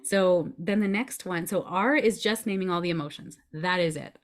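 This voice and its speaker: Brief: low-pitched woman, grief coach, calm step-by-step explainer on a podcast. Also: moderate pace. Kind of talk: podcast conversation.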